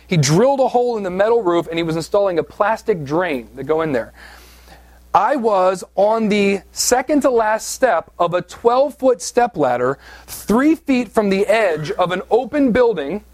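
Man preaching, from southeast Pennsylvania, slightly high voice, dry close sound, casual self-mocking storytelling. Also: expressive, moderate pace, darkish tone, no echo. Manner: conversational, self-deprecating, with frequent "right?" asides. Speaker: pastor. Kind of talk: sermon storytelling.

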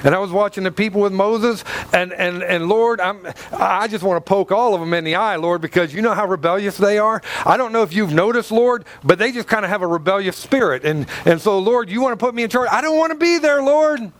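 A man's voice: high voice, fairly quick, a bit bright. A man voicing a reluctant male leader who protests and pleads against being put in charge. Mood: reluctant pleading.

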